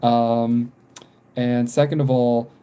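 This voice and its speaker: Chill american guy in his 20s rambling while he draws, slow and mellow, lots of ums. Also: mid-range voice, flat delivery, smooth. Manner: rambling, repeats himself, frequent ums. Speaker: livestream drawing vlogger. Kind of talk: casual chat while drawing.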